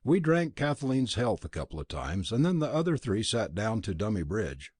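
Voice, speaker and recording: A man reading a novel aloud as an audiobook narrator, expressive and dropping low on the speech tags. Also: moderate pace, breathy edge, dry recording, clean studio sound. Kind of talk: scripted narration.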